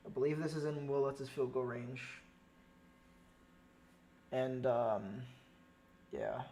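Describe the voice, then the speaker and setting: Fan doing amateur play-by-play on stream, gets loud then mutters, begs a lot, swears. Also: mid-range voice, slow. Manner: excitable, pleading, swings between outbursts and quiet muttering; swears often. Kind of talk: amateur live stream commentary.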